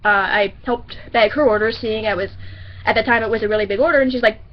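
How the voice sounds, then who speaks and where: A grocery store bagger tells a work story in a chatty, rambling way, often correcting herself. Her voice is a little high and fast, and the highs are cut off.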